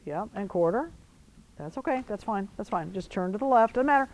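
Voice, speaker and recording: A woman riding instructor coaching a rider in an arena, giving brisk commands mixed with encouragement. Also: medium pitch, expressive, darkish tone, rough recording.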